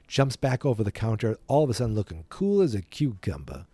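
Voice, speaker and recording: A man's voice: medium pitch, big pitch swings, fast talker, few pauses, mellow, no echo. A man hosting a podcast, casually retelling a film from memory in a rambling, playful way that often corrects itself. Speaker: podcast host.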